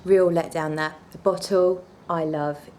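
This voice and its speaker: A woman with a somewhat low voice chats through her perfume collection in a casual vlog. She gushes over favourites and turns bluntly apologetic over letdowns. A faint hum of room noise sits behind her. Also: steady tone, unhurried, a little mellow. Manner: chatty and gushing, blunt asides. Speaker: perfume reviewer.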